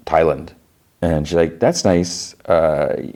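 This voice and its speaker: A man's voice: rumbling low, brisk, dark tone. A male podcast host casually recapping an episode, acting out the characters' lines in loose voices. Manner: acts out dialogue in loose voices; lots of "he's like" and restarts.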